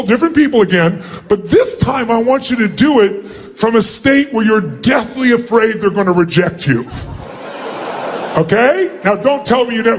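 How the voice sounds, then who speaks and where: A man's voice: extremely high pitch, slight background noise. A man leading a live motivational seminar in a large hall, energetically calling out instructions to thousands of people. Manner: commanding, energetic, calling out to the crowd. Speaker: seminar speaker leading an audience exercise.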